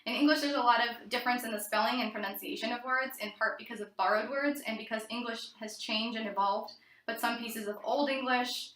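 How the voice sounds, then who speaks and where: A woman's voice: fairly high pitch, a little fast, a bit bright, reverberant, low-quality recording. A woman giving a read-aloud class presentation, reading from notes with occasional fillers and restarts. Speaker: student presenter.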